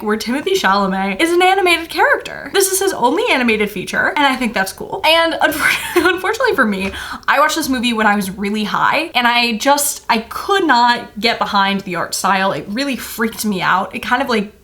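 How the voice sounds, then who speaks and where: A woman's voice: a little high, expressive, fairly quick, fairly bright tone. A woman chatting casually as she reviews films, full of "like" fillers and frequent laughs. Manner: chatty, many "like" fillers, laughs between phrases. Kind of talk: casual film review chat.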